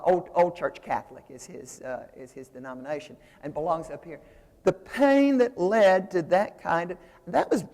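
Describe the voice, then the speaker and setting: A woman lectures in a seminary hall, and her voice carries a long reverb off the room. She talks in a loose, conversational way, circling back and restarting sentences with plenty of "uh"s as she explains. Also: medium pitch. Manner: conversational, digressive, with frequent fillers and restarts.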